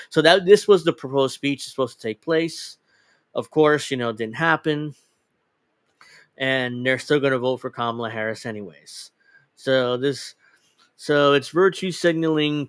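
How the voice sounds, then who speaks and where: A man's voice: mid-range voice, fairly bright tone, clean tone, no room sound. A man hosting a casual political commentary show, talking bluntly and dismissively and swearing freely. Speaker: host.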